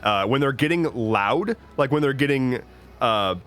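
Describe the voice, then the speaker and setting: A man's voice: medium pitch, lively intonation, measured pace, a bit bright. A man chatting casually on a stream, rambling and joking with lots of restarts and swearing. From United States. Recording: faint music behind.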